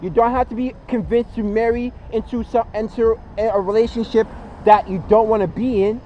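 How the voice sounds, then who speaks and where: A man's voice: sits high, steady tone, fairly quick, muffled recording, slight background noise. A man in his twenties talking casually in a motivational monologue, earnest and repetitive, with lots of fillers. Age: 20s. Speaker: vlogger.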